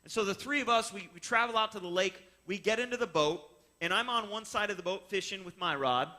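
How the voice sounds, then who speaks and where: A man with a high-sitting voice talks a little fast as he tells listeners about a fishing trip of his own. He walks through it step by step, animatedly acting out the voices of the people involved.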